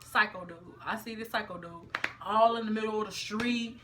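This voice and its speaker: A young woman telling a story in a casual vlog, animated and full of slang. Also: medium pitch, moderate pace, background noise. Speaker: vlogger.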